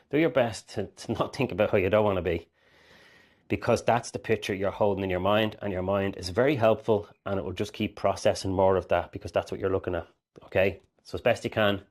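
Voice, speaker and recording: A man's voice: on the low side, a little mellow. A man speaking as a mindset coach, earnest and rambling, often acting out inner voices. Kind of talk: direct-to-camera coaching talk.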